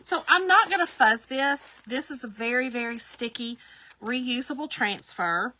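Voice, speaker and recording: Bright-voiced chatty woman. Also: on the high side, unhurried. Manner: chatty, laughs often, talks to viewers by name. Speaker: craft livestream host. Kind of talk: casual live craft demo chat.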